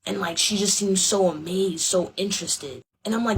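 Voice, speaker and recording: A woman of about twenty telling a dream story in a relaxed, slangy, wry way. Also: mid-range voice, brisk, hardly any pauses, slightly rough.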